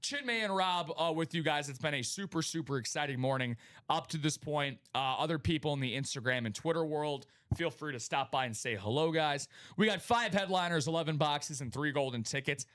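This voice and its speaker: A man hosting a live sports memorabilia stream, talking in an energetic hype style and greeting viewers by name. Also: fairly high pitch, brisk. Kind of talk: casual live-stream chat.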